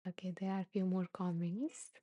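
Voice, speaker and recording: A woman hosting a podcast, gently reading and answering live listener comments, soft-spoken and laughing softly, emotional and close to tears. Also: lowish voice, little pitch movement, a little fast, no room sound. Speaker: podcast host.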